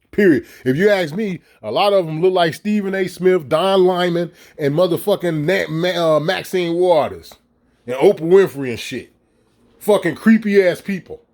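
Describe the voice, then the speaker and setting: A middle-aged man with a slightly high voice rants in a loose, profane vlog. He mocks and fires off rhetorical questions, heated and blunt. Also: lively intonation, normal speed, a little mellow. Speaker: vlogger. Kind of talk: casual ranting commentary.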